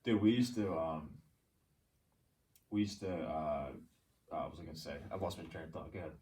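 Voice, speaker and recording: A man's voice: very deep voice, fairly quick. A man, co-hosting a podcast and telling a story in casual chat, swearing freely and acting out the people in it. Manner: profane, animated storyteller acting out quotes. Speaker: podcast co-host. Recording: distant mic, faint noise.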